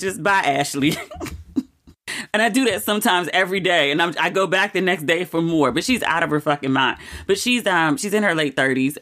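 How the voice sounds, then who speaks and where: A woman in her forties, a podcast host, telling a personal story in a chatty, expressive way with quick asides and frequent laughter. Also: on the low side.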